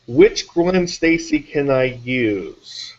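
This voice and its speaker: A man's voice: medium pitch, expressive, very slow, highs cut off. A man taking part as an artist on a live stream, chatting casually and making laid-back jokes. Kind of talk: casual banter.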